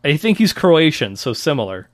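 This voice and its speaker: A man's voice: fairly high pitch, sing-song, moderate pace, no echo. Chatty man hosting a wrestling podcast. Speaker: podcast host. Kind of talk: casual podcast chat.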